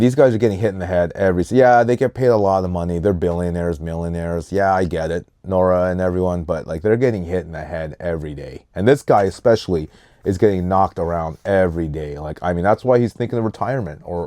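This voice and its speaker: A man hosting a casual sports podcast, giving animated hot takes and stretching out names for emphasis. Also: deep voice, no echo, studio quality. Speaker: podcast host.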